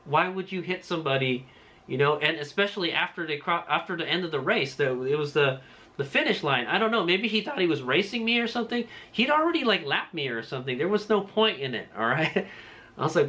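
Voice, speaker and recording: A man's voice: fairly high pitch, lively intonation, fairly quick, bright, forceful tone. A man giving a casual, rambling recap of his race to viewers, full of fillers and tag questions. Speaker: motorcycle racer vlogger.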